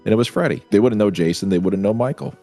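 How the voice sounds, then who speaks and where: Low-ish guy on a podcast rambling through a story, casual. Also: fast, dark tone, soft background music. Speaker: podcast guest. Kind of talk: casual chat.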